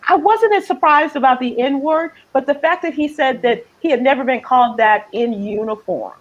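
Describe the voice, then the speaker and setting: A woman hosting a casual news discussion, thoughtful and halting, with lots of fillers. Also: high-pitched, highs cut off. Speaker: host.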